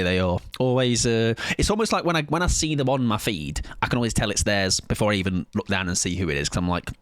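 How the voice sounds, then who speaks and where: A loud, lively young man chats through his game stream, laughing often. His voice sits a little low, recorded dry and close with no room sound. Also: no echo. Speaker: livestreamer. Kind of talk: casual gaming livestream chat.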